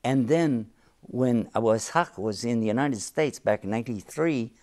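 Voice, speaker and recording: A man's voice: mid-range voice, moderate pace, darkish tone. Earnest man preaching with emphasis. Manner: earnest, emphatic preaching, often repeating key phrases. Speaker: guest sheikh. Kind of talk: religious teaching in an interview.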